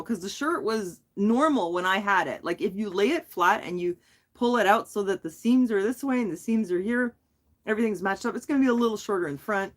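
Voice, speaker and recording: A woman's voice: mid-range voice, animated, a little fast. Giggly middle-aged woman livestreaming. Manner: chatty, giggly, self-deprecating. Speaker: livestream host. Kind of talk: casual livestream chat.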